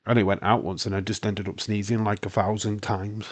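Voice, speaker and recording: A man's voice: lowish voice, husky. A young Scottish man hosting a casual live-stream chat, rambling and swearing freely, his voice congested from hay fever. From Britain. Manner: rambling, sweary, laughs often.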